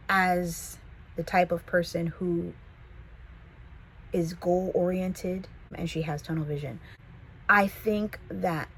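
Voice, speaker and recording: A woman from the San Fernando Valley with a Californian accent, telling a casual storytime vlog in a chatty, animated way. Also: fairly low pitch, husky, low-quality recording. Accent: Californian English. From Los Angeles, the Valley. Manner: chatty, animated, quotes people in voices.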